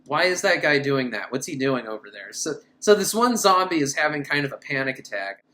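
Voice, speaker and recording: Female host, film recap, incredulous and sarcastic, very animated pitch. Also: fairly quick. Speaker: film reviewer. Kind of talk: comedic movie recap.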